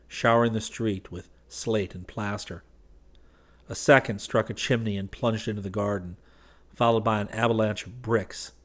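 Measured low-voiced male narrator. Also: a bit bright. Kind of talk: audiobook narration.

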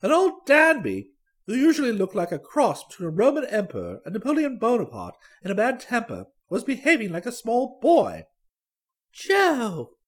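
A storybook reader tells a comic tale as a dry, amused young gentleman. The pitch moves very widely from line to line. The delivery stays wry and conversational. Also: huge pitch swings, fairly quick, slightly rough. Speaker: audiobook reader. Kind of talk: storybook narration.

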